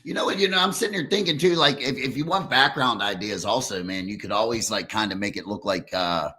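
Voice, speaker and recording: A man's voice: on the low side, a little fast, sharp tone, slightly rough. A man hosting a podcast, chatting casually and enthusiastically. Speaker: host.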